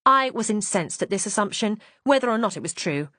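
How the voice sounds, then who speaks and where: A woman's voice: medium pitch, brisk, a bit bright, no echo. A woman reading a mystery audiobook in poised, first-person narration.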